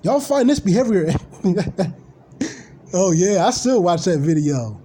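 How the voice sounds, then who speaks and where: Blunt high-voiced man ranting on a stream. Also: sing-song, takes it slowly, mellow. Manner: blunt, profane, rambling. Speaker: live streamer. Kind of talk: casual live-stream rant.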